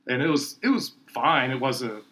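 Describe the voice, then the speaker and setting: A man's voice: mid-range voice, lively intonation, normal speed, a bit bright. A man hosting a podcast, chatting casually and laughing as he retells gym stories. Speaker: podcast host. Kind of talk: casual chat.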